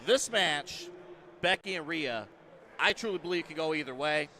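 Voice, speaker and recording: A man's voice: a little high, lively intonation, pushed and bright. A man co-hosting a wrestling podcast, leading the segments in casual, emphatic chat. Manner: leads segments, deliberate and emphatic. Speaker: podcast co-host.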